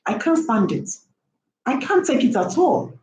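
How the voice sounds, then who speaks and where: A woman's voice: on the high side, very animated, unhurried, darkish tone. A woman giving an impassioned opinion monologue, lecturing with repeated rhetorical questions. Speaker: vlogger. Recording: roomy echo, faint background hum.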